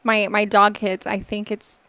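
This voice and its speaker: A woman co-hosting a morning talk show, chatting casually in a quick, teasing, self-deprecating way. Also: medium pitch, monotone, fairly bright tone, no room sound.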